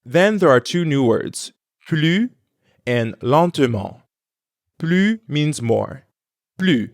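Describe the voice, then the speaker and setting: A man co-hosting a scripted language lesson, modeling pronunciation slowly and clearly for learners. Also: on the high side, animated, dry recording, studio quality. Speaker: language teacher and co-host.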